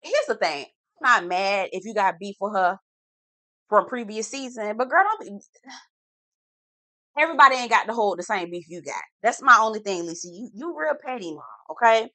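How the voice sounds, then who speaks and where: Sassy slangy woman, casual reality tv recap, drawn-out emphasis, dry close sound. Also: medium pitch, expressive, pushed and bright, dry recording. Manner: sassy, slangy, blunt commentary. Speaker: TV recap reviewer.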